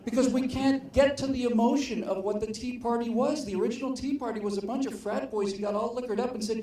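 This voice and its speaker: A man's voice: very high-pitched, a little fast, darkish tone, recorded from a distance. Man speaking in a very echoey hall. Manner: earnest, emphatic, conversational storytelling. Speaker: guest speaker. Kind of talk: public speech to a political gathering.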